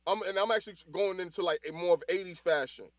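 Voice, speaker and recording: Higher-pitched Bronx New York man. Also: fast, a crowd in the background. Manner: animated, repeats words while finding his point. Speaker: call-in speaker. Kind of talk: casual chat in an audio chat room.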